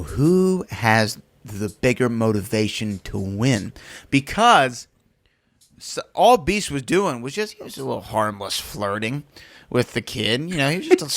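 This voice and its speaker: A man hosting a podcast in casual chat, telling stories in an animated, teasing way. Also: medium pitch. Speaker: podcast host.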